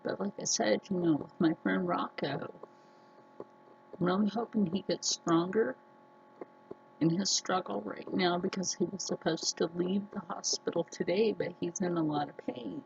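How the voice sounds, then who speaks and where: A woman vlogger talking earnestly to her viewers, telling personal stories slowly with many restarts. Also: lowish voice, gravelly, a little mellow, lo-fi sound, slight background noise. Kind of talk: casual personal talk to camera.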